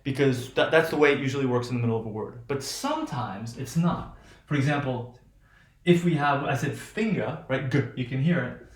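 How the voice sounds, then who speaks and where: A linguistics lecturer gives a classroom lecture on phonetics in a brisk, mid-range male voice, with the echo of the room audible. He rambles, restarts often, and keeps checking in with "right?".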